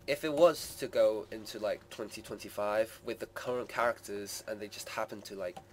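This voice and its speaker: A man's voice: lowish voice, slight background noise. Rambling man giving live gameplay commentary. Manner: rambling, hedging with many "sort of" and "like". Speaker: gaming channel host.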